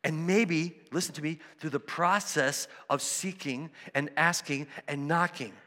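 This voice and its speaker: A man preaching a sermon, conversational and animated, acting out the voices of people in his stories. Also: on the high side, a little slow, big-room sound. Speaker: pastor.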